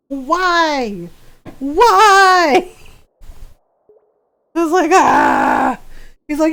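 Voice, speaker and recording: A woman streaming a video game live, reacting excitably and laughing often as she chats with viewers. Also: high-pitched. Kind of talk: live gameplay commentary.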